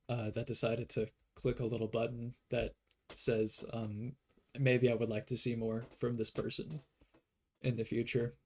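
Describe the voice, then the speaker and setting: A man of middle pitch chats to his viewers in a casual vlog. He rambles, restarts his sentences and fills gaps with "like" and "um". His tone stays earnest and upbeat. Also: little pitch movement, a little slow, a little mellow. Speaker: channel host.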